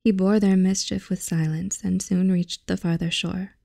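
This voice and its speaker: A soft-spoken young woman who hosts a channel reads a fairy tale aloud, soft and unhurried and often half-whispering. Her voice is lowish and creaky with little pitch movement, recorded with clean studio sound and no room sound.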